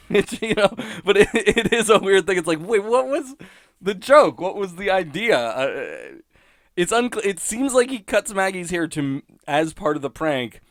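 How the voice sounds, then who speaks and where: A man's voice: high voice, sing-song, a little slow, dry recording, clean studio sound. A man hosting a solo podcast, talking through a cartoon episode in rambling, wry commentary and often cutting himself off. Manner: rambling, self-interrupting, wry, laughs at own points. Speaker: podcast host reviewing episodes.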